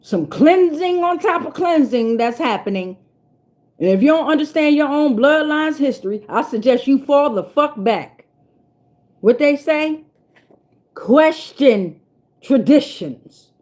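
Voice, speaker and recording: Woman, tarot reader, casual spiritual vlog, fairly high voice, blunt, preachy and profane. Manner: emphatic, repeats herself for weight.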